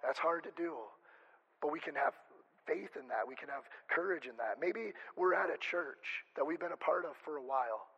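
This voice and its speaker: A man's voice: a little high, expressive, normal speed, vocal fry, a bit bright, slightly rough, muffled recording. A male pastor preaching a conversational sermon, chatty and joking, often stopping and restarting mid-sentence. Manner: chatty, self-interrupting, joking asides.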